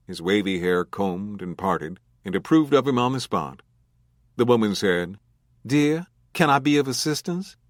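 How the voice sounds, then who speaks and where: A male audiobook narrator reading a crime novel in a measured, even way. His voice sits low, and the recording is close and dry with no room sound. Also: no room sound. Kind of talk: scripted narration.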